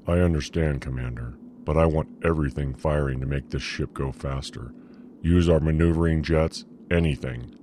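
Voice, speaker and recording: A man voicing a grim male starship captain who gives quiet, firm orders. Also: extremely low pitch, fairly even intonation, moderate pace, a little hiss or hum. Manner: quiet, commanding.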